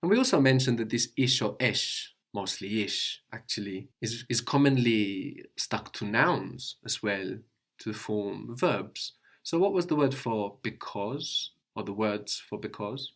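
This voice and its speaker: A man's voice: fairly low pitch, expressive, measured pace, fairly bright tone. A man teaching a language lesson, patiently explaining step by step and asking his student questions.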